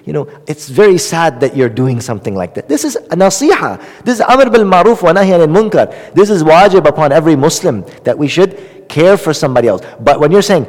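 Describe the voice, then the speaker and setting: A man's voice: on the high side, big pitch swings, brisk. Man teaching an Islamic lesson, echoey hall. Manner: conversational, with many fillers and repetition for emphasis. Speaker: religious lecturer.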